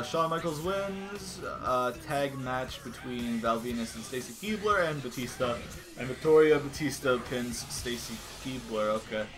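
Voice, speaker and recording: Young man cursing at a wrestling game. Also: mid-range voice. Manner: swearing, yelling at the game. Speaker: gaming channel host. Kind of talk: casual let's-play commentary. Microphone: desk microphone.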